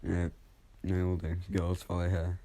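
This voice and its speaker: A man's voice: low voice, monotone, normal speed, dark tone. A man telling a fan story off the cuff, rambling casually and correcting himself as he goes.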